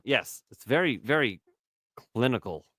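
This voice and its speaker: A man's voice: mid-range voice, animated, measured pace, a bit bright, dry recording, clean studio sound. A middle-aged man from Canada, telling rambling stories in casual chat, laughing often and acting out what others said. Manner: rambling storyteller, laughs a lot, acts out quotes.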